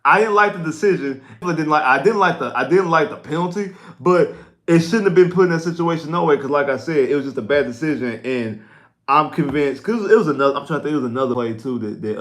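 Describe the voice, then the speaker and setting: A man hosting a casual postgame sports livestream, excitable and prone to repeating himself and stumbling over words. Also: on the high side, moderate pace.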